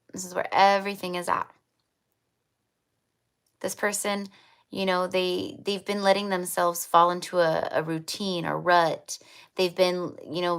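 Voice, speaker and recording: A woman's voice: fairly low pitch, a bit bright. A woman giving a livestreamed tarot reading, chatty, repeating her affirming spiritual phrases. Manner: chatty with fillers. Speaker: tarot reader.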